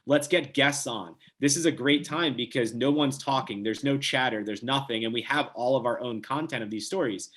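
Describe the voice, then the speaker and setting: A man's voice: medium pitch, normal speed, few pauses, a bit bright. A man who is a guest on a podcast, chatting casually in an upbeat, joking way. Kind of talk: casual chat.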